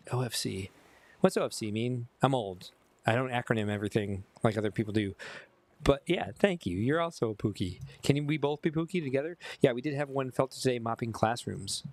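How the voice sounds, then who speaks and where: A man with a Chicago accent, a bit tipsy from whiskey, rambling casually and poking fun at himself as he chats with viewers during a livestream. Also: medium pitch. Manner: rambling, self-mocking, talks to chat. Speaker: streamer. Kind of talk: casual game livestream chat.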